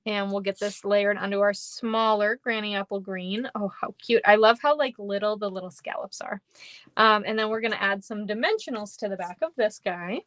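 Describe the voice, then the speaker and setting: A woman's voice: mid-range voice, normal speed, a bit bright, a little hiss or hum. A woman running a live card-making tutorial, chatty and upbeat, thanking viewers by name as she works. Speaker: papercraft demonstrator. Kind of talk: live-stream craft tutorial.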